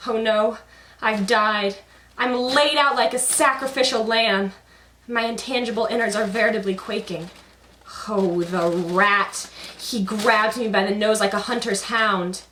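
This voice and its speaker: Woman doing a blunt, quarrelsome puppet commoner, loud and sarcastic; echoey room. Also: mid-range voice, unhurried, distant mic, a little hiss or hum, close to an everyday voice. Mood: dramatic. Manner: loud, brash, sardonic. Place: basement.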